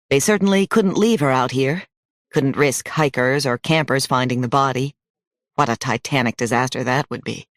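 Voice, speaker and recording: A man narrating a novel in a measured, even storytelling voice at a middle pitch. It is recorded close on a studio mic with a dry, dead sound. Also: dry recording. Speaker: audiobook narrator. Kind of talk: scripted audiobook narration.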